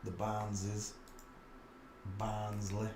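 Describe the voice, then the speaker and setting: A man's voice: on the low side, completely flat delivery, extremely slow, darkish tone, reverberant, a little hiss or hum. A man with a Yorkshire accent giving a muttered running commentary as he browses images for his channel. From England. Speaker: channel host.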